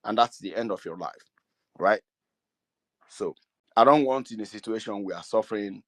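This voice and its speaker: Earnest Nigerian man, low dry voice. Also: normal speed, a bit bright, no room sound. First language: Igbo. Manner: earnest, repetitive, pleading. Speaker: community speaker. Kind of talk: speaking to an online meeting.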